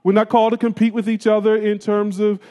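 A man's voice: sits high, flat delivery, quick pace, dark tone. A man preaching a sermon, talking straight to his congregation in colloquial phrasing and asking them questions. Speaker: pastor. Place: church sanctuary. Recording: long reverb of a church hall.

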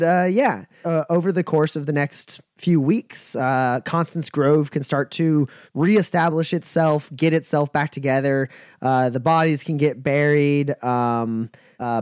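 A man narrating a tabletop game as game master, relaxed and laughing, with many fillers. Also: mid-range voice, no echo, studio quality.

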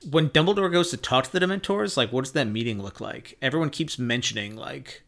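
A man's voice: medium pitch, fairly quick, gravelly, a bit bright. A man co-hosting a podcast in casual chat, laid-back and musing with jokes. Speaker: podcast co-host.

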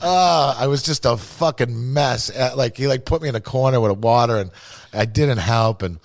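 A man's voice: mid-range voice, normal speed, gravelly, dry recording, studio quality. A man telling a rambling, profane, self-deprecating story in casual podcast talk.

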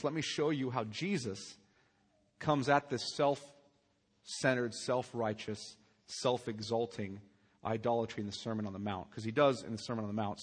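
A man's voice: mid-range voice, fairly bright tone, long reverb tail. A man preaching a sermon as pastor, earnest and emphatic, asking his listeners questions. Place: church sanctuary.

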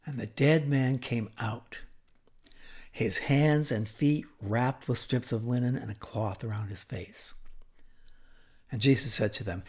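Slow, dramatic preacher man. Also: mid-range voice, husky. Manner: dramatic, deliberate storytelling with acted quotes and sudden hushed drops. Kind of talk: expository sermon retelling a scripture story.

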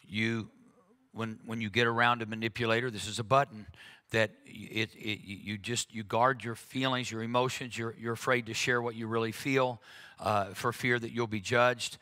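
Bright-voiced earnest male preacher. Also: fairly low pitch, steady tone, moderate pace. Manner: earnest, frank, with frequent fillers and restarts. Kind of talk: conversational sermon.

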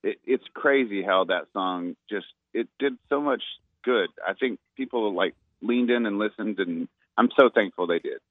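A man's voice: lowish voice, moderate pace, dry recording. A laid-back man calling in as a musician guest, talking easily on the phone. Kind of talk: casual phone interview. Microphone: phone line. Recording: tinny phone line.

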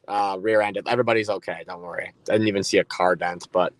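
A man co-hosting a podcast, speaking bluntly and deliberately in casual chat. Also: low-pitched, fairly even intonation, no echo, low-quality recording. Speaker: podcast co-host.

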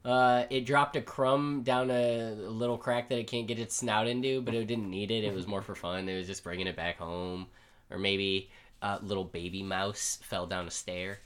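A man co-hosts a casual podcast, rambling and joking as he recaps a story and swearing freely in comic chat. His voice sits on the low side yet sounds fairly bright, with fairly even intonation at a moderate pace.

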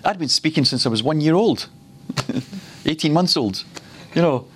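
A man from Glasgow giving a teaching sermon at a ministry school, telling stories and slowing down to repeat words for emphasis. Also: a little high, expressive, breathy edge. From Glasgow, Scotland.

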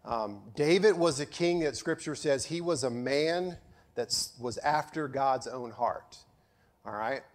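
Unhurried and mid-range in voice, this male pastor tells his sermon as a story, sometimes sarcastic, going from loud passages to hushed ones.

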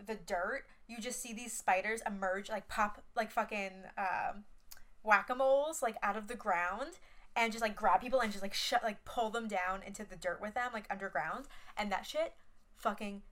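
A young woman co-hosting a podcast in casual chat, animated, swearing freely and filling her talk with "like". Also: medium pitch, moderate pace. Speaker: podcast co-host.

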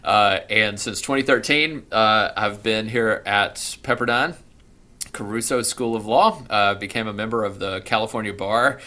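Southern-accented man, bright forceful voice. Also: on the low side, normal speed. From Deep South of the US. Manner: rambling, storytelling delivery. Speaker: guest, law professor. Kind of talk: conversational interview answers.

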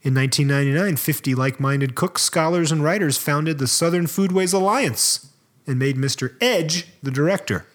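A man's voice: fairly high pitch, normal speed. A man co-hosting a casual podcast, reading a profile aloud and breaking off for joking asides. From American South. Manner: reads aloud with asides and laughs.

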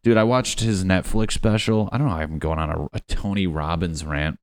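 A man with a deep, low voice rambles through a profane, mocking rant on his own show. The sound is dry and close, with almost no room around it. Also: a little fast, few pauses, no echo. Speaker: podcast host. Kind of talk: casual comedic rant.

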